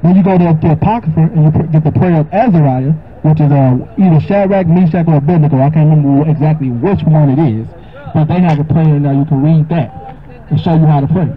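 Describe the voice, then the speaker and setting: High-voiced man giving casual Bible teaching. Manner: casual, conversational, reads verses slower and higher. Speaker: Bible teacher answering a question. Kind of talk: informal Bible teaching with scripture reading. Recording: dull lo-fi recording with faint noise.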